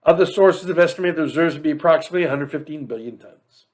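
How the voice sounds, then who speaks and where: A man's voice: a little high, fast talker, a little mellow. A man hosting a political commentary monologue, reading facts aloud and breaking in with sarcastic, mocking asides. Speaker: show host.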